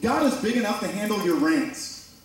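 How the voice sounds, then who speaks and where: High-voiced preacher in an echoey church. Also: male voice, lively intonation, normal speed. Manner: conversational preaching with dramatized quotes. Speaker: pastor. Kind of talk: sermon. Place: church sanctuary. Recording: very echoey church from a distant mic.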